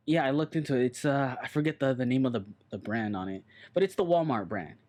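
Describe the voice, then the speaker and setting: A man chatting on a podcast in a loose, rambling way, blunt and quick to swear. His voice sits at an ordinary middle pitch. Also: darkish tone. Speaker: podcast co-host. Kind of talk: casual chat.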